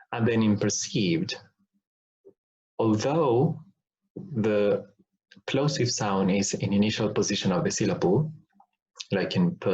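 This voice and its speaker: Slow, deliberate male teacher. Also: fairly low pitch, a little mellow. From Argentina. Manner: deliberate, repeats example words to show sounds, checks in with "all right?". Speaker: phonetics teacher. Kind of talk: recorded online lesson. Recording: dull lo-fi recording.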